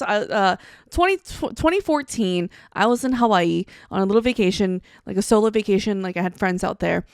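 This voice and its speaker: A woman's voice: medium pitch, lively intonation, a little fast, clear, resonant tone, no room sound, clean studio sound. A woman co-hosting a casual podcast who tells stories bluntly, swears freely and acts out quoted lines. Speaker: co-host. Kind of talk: casual storytelling chat.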